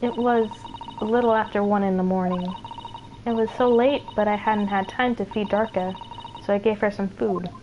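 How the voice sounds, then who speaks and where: A woman voicing a timid young woman with a put-on Russian accent, speaking in a hushed, halting, apologetic way. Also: mid-range voice, steady tone, lo-fi sound, noisy background, close to an everyday voice. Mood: hushed remorse. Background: game music.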